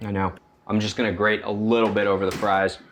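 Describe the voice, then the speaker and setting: Brief: chatty chef, very low voice, loud frying sizzle under every line. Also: male voice, fast talker, background noise. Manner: chatty, jokey, excitable. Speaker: chef host. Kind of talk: casual cooking demonstration. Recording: loud sizzling pan behind voice.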